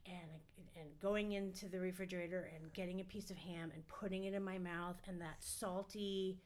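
A woman's voice: lowish voice, steady tone, normal speed, darkish tone. A middle-aged woman, a podcast guest, telling stories in a candid, profane, rambling way with lots of fillers. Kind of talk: casual storytelling.

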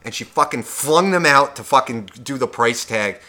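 A podcast co-host with a medium-pitched voice tells a profane shopping story at normal speed, animated and with a bright, forceful tone. It's a casual storytelling rant in which he acts out both sides of the conversation.

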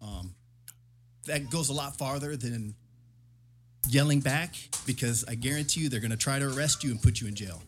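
A man's voice: mid-range voice, moderate pace, slight background noise. A middle-aged man in casual talk, earnestly repeating advice to get home safely. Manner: earnest, repetitive, advising.

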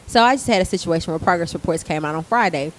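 A woman's voice: lowish voice, fast, slight background noise, low-quality recording. A woman in her thirties, a theater arts teacher, chatting casually and telling a work story with lots of swearing and acted-out quotes. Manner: animated storytelling with profanity, acting out quotes. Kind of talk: casual podcast chat.

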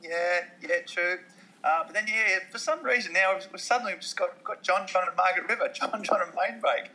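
Bright, chatty male podcast host. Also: high voice, a little fast, poor audio. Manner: chatty, hesitant, lots of restarts. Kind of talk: casual chat.

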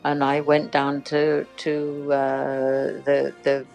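A woman's voice: rumbling low, monotone, slow, vocal fry, a little mellow, soft background music. An older British woman, an actress guest, chatting through stories with many restarts. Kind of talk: casual interview chat.

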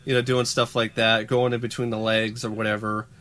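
A man's voice: on the low side, flat delivery, a little fast, fairly bright tone. A young man co-hosting a podcast, reading news stories aloud and joking sarcastically between them. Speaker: podcast co-host.

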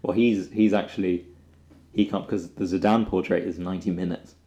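A man's voice: sits low, fairly even intonation, moderate pace, warm tone, echoey room. A man co-hosting a podcast in casual chat, with dry, wry analysis. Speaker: podcast co-host.

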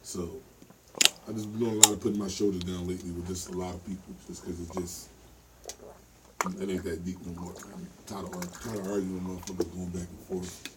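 Fast-talking low-voiced man, casual. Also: flat delivery. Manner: rambling, repeats "you know what I'm saying". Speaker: podcast participant. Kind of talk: casual group discussion. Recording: distant mic with faint noise.

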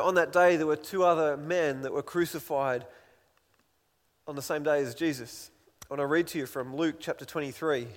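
A man's voice: fairly high pitch, long reverb tail. A man preaching an Easter sermon as a pastor, earnest and pleading, acting out voices from the scripture he reads.

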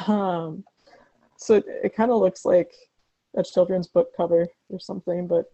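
A woman co-hosting a podcast, recounting things in a relaxed, giggly way. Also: fairly low pitch, a little slow, no room sound. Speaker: podcast co-host. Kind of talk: casual chat. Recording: dull, dry lo-fi sound.

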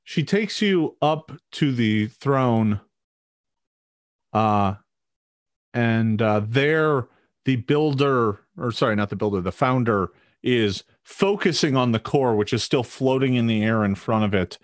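A man's voice: mid-range voice, expressive, takes it slowly, dry recording. A man narrating as game master of a tabletop game, hesitant and full of ums and restarts.

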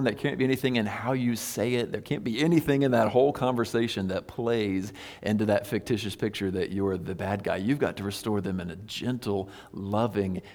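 A man's voice: on the low side, darkish tone. A man preaching a sermon, patient and explanatory, asking his listeners rhetorical questions. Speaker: pastor. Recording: long hall reverb.

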